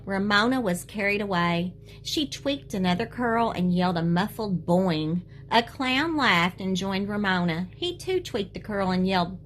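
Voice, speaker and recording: Teacher, woman, reads children's book to class, gentle, animated, light hiss behind. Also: medium pitch, a little slow, hardly any pauses. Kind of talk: reading a children's book aloud.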